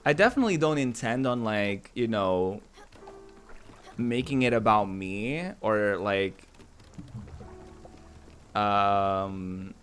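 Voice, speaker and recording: A man's voice: on the low side, slow, long pauses, fairly bright tone, soft background music. A man streaming a game, chatting casually with his viewers, giggling often and answering chat aloud. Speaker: Twitch streamer.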